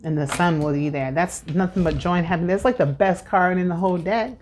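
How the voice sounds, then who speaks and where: A chatty woman in her thirties reads tarot cards at home in a casual vlog. Her voice sits a little low, and she talks in loose, filler-heavy, preachy runs. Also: quick pace, a little mellow, a little hiss or hum. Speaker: tarot reader.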